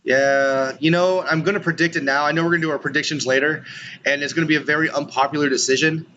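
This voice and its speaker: A man's voice: a little high, steady tone, fast talker, pushed and bright, lo-fi sound. A man co-hosting a podcast in casual chat, rambling with lots of "you know" and "like". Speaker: podcast co-host.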